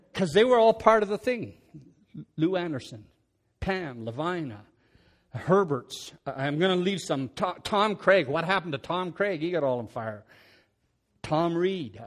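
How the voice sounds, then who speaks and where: An older man giving a rambling, homespun church testimony into a headset mic, often chuckling and restarting words. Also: fairly high pitch. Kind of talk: folksy testimony storytelling.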